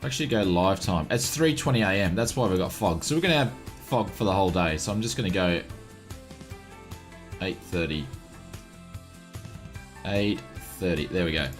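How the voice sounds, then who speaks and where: A man's voice: fairly low pitch, sing-song, normal speed, long pauses, faint music behind. An Australian man streaming a flight simulator live, chatting casually and greeting viewers by name one after another.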